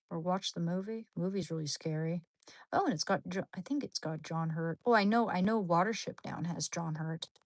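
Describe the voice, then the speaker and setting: A woman hosting a livestream, chatting casually with viewers in a rambling, animated, slangy way, with sudden high squeals. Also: dry recording. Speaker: livestream host.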